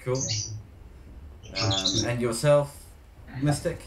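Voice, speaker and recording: A man hosting an online show, relaxed and asking questions with restarts. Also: medium pitch, takes it slowly, echoey room, background noise. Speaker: host. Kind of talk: casual online show chat.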